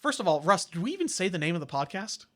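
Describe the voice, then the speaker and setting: A man's voice: sits high, sing-song, fast, sharp tone. A man co-hosting a podcast, rambling through a long movie recap in casual chat. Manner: rambling retelling with fillers. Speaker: podcast co-host.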